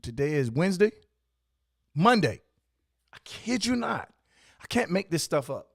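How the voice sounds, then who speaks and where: A man's voice: high-pitched, big pitch swings, unhurried, gravelly, husky, dry recording, studio quality. A man who owns a coffee shop and hosts the show, telling stories and giving motivational advice in an emphatic, repetitive, preacherly way. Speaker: coffee shop owner and host. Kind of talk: motivational storytelling talk.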